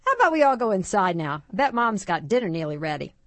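A woman's voice: medium pitch, very animated, quick pace, a bit bright, no room sound, voice pushed up. A woman voicing a cheerful middle-aged father in a dramatized story reading, coaxing his family inside.

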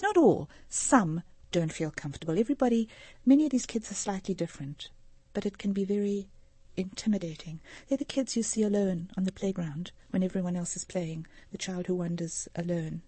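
A woman's voice: mid-range voice, mellow, breathy edge, dry recording. A middle-aged woman from Africa, a social worker explaining earnestly as a radio interview guest. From South Africa. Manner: earnest, explanatory, gives anecdotes.

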